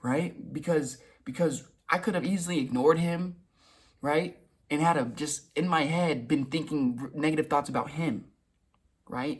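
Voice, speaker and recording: A man's voice: fairly high pitch, moderate pace, slightly rough. A young man telling a casual, rambling story in a vlog, restarting and repeating words and swearing now and then. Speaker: vlogger.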